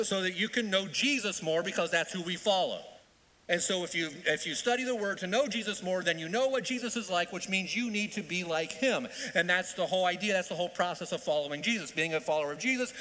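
A male minister preaching a sermon in an animated way, with joking asides and repeated phrases for emphasis. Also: sits high. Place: church sanctuary. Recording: long church reverb.

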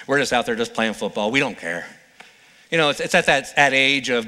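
A man's voice: medium pitch, animated, brisk, sharp tone, big-room sound. A male pastor preaching a sermon in a playful, conversational storytelling manner.

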